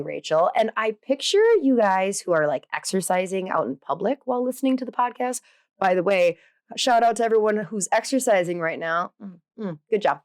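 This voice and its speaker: A woman's voice: medium pitch, no echo, clean studio sound. A woman hosting a podcast in a casual monologue, chatty and playful, poking fun at herself and filling gaps with lots of "um" and "like". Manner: chatty and self-deprecating, with many fillers; bubbly, playful asides. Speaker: podcast host.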